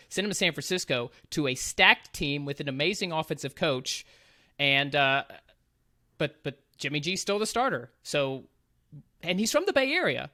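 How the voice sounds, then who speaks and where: Man, podcast host, enthusiastic, bright forceful voice, dry close sound. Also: on the high side, expressive, normal speed, dry recording. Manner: enthusiastic, argues his picks with laughs. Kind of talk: casual sports podcast chat.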